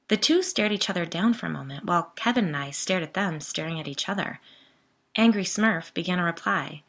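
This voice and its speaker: A woman telling her own story in a conversational, wry manner. Her voice sits a little low but sounds bright and crisp, with easy, self-aware asides. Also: a little fast. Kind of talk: first-person story narration.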